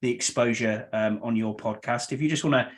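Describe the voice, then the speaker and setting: A man's voice: medium pitch, brisk. A man from England hosting a podcast, greeting and chatting in an upbeat, friendly way. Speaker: podcast host. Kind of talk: casual podcast chat.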